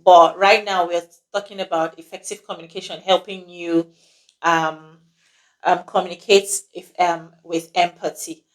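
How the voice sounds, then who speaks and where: A woman hosting a casual advice talk on relationships, halting with many "um"s and checking in with "okay?". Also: lowish voice, fairly even intonation.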